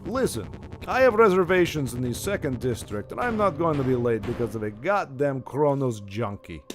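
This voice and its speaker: A man's voice: mid-range voice, expressive, normal speed, background noise, voice pushed down, close to an everyday voice. A man voicing a menacing, foul-mouthed gang boss who interrogates and threatens. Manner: shouting threats, heavy profanity.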